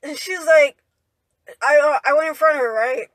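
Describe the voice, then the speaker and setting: A woman's voice: high-pitched, moderate pace, a bit bright, no echo. A young woman telling a story in a rambling, indignant way, ending her lines with "right?" and "you know". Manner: indignant retelling. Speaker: vlogger. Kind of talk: storytime monologue.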